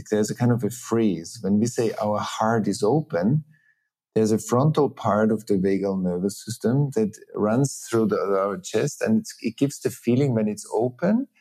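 A middle-aged man, a teacher and facilitator, explaining ideas earnestly in an interview with many pauses and restarts. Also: on the low side, warm tone. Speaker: teacher and trauma-healing facilitator, guest. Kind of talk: reflective interview talk.

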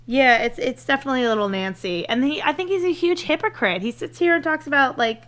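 A woman's voice: high-pitched, lively intonation, fast talker, a bit bright. A woman co-hosting a comedy podcast in casual chat, hesitant and full of "um"s as she builds her points. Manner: hesitant, many "um"s and restarts. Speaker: podcast co-host.

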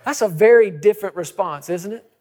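A middle-aged man preaching a sermon as pastor, emphatic, driving points home with repetition and quick asides. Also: high voice, a little mellow.

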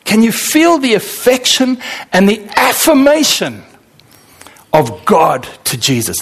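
A man from Zimbabwe, preaching a sermon with animated, dramatic swings in delivery. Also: takes it slowly, gravelly, slightly rough. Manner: animated, with sudden dramatic swings in pitch and pace. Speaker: pastor.

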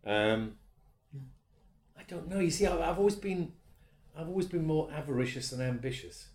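A middle-aged voice actor, chatting in an interview in a self-deprecating way, laughing often. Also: male voice, on the high side, animated, moderate pace, a little mellow. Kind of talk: casual interview chat. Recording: roomy echo.

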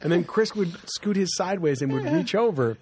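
A man spins stories in an easy, casual chat, laughing as he goes and slipping into the voices of the people he describes. His voice sits a bit high for a man and swings widely in pitch, rising and falling through each telling. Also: lively intonation, a little fast, darkish tone, a little hiss or hum.

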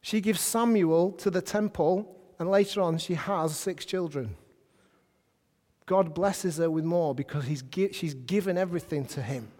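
Man, preacher, sermon, conversational, high voice, church hall echo. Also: unhurried. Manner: lively, conversational, asks the congregation questions. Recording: hall reverb.

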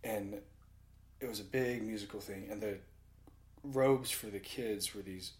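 A man with a fairly low voice talks casually and tells stories with lots of energy. He laughs often as he goes. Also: a little slow. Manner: animated storyteller, laughs often. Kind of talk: casual conversation.

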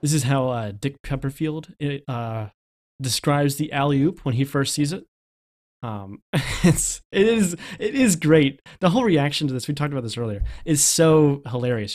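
A man's voice: mid-range voice, darkish tone. A man co-hosting a casual podcast, chatting about a comedy film with frequent laughs and fillers. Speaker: podcast co-host.

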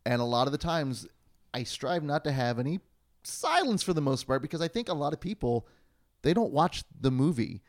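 Lively, wordy podcast host man. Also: a little high, moderate pace. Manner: animated, wordy, playful puns. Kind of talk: casual chat.

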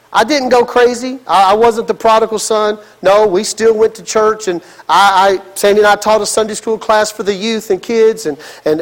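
A man's voice: high-pitched, big-room sound, poor audio. A male pastor, preaching a sermon dramatically with sudden emphatic outbursts.

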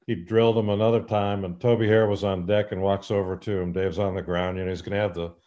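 A man's voice: low voice, steady tone, quick pace, highs cut off. A man hosting a podcast, asking questions and telling baseball anecdotes in a chatty, laughing way. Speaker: podcast host. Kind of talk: casual podcast interview.

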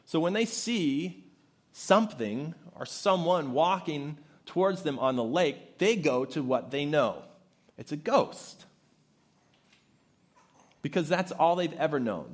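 A man preaching a sermon, shifting into animated, conversational storytelling with casual asides. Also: mid-range voice. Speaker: pastor.

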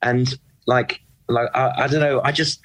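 A man talking about football as a passionate fan, emphatic and animated, often repeating words as he builds his point. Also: medium pitch, a little slow, low-quality recording. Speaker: football pundit and club fan. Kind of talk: impassioned casual discussion.

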